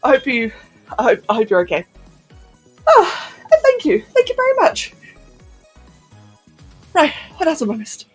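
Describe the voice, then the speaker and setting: Giggly, animated woman streamer. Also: sits high, moderate pace, pauses often, soft background music. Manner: giggly and hyper, answers chat messages as she reads them. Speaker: live streamer. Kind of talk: casual live-stream chat.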